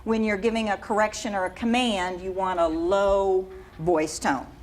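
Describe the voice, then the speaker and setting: A woman dog trainer explaining training methods as a TV guest, calm and instructive. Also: medium pitch, normal speed. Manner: calm, instructive, warmly coaching. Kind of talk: explaining on a TV show. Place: TV studio.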